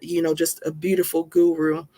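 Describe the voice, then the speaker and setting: A woman's voice: deep voice, little pitch movement, moderate pace, mellow. A woman giving an emphatic, folksy motivational talk, calling her listeners honey. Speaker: self-help speaker.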